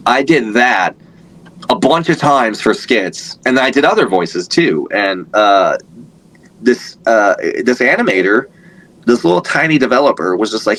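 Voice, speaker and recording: A man's voice: fairly low pitch, expressive, moderate pace, fairly bright tone, slight background noise, low-quality recording. A man in his thirties, a voice actor guest, chatting casually in an interview, rambling with lots of fillers and restarts.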